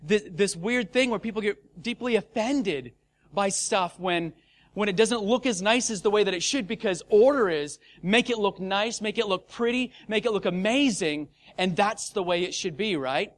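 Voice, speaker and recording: A man preaching a sermon in a casual, energetic way, talking straight to his listeners and sometimes acting out scenes with shouts. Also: high voice, moderate pace.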